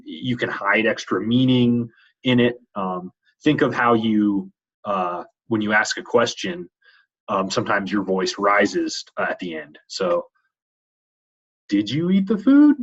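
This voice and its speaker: A man's voice: lowish voice, unhurried, a bit bright, slightly rough. A man teaching a course, introducing the week's reading in a hesitant way with many fillers. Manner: hesitant, many ums and restarts. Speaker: course instructor. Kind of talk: recorded weekly lecture intro. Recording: dull lo-fi recording.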